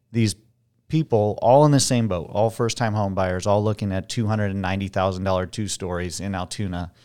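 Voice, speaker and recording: Candid low-voiced man telling his story. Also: darkish tone. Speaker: real estate agent guest. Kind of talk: casual interview chat.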